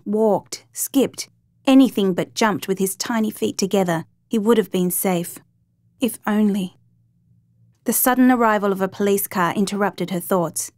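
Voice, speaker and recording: A woman narrates a scripted story with a measured, dramatic delivery. Her voice sits in a middle pitch. The recording is dry and close. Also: darkish tone, dry recording.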